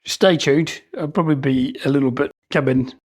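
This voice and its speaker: A miniature wargaming channel host rambles cheerfully about his latest pieces in a slightly breathy, husky, darkish voice at middle pitch and normal speed. His casual unboxing chat is enthusiastic and self-mocking, recorded dry and close with no room echo.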